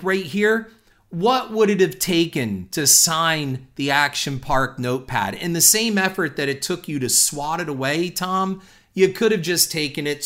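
A man telling a personal anecdote in an animated, conversational way, speaking to his listeners as folks. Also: on the high side. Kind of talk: storytelling anecdote.

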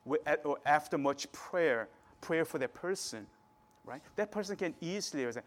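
Preacher, male, relaxed talk-style sermon, fairly high-pitched, casual pulpit delivery. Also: normal speed. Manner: conversational preaching, frequent "right?" tags.

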